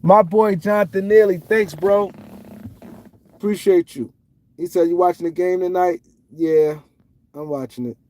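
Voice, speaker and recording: A man's voice: sits high, unhurried, long pauses. A middle-aged man, hosting a casual livestream, telling stories with lots of repeats and restarts. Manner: animated storytelling with repetitions and restarts. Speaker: host.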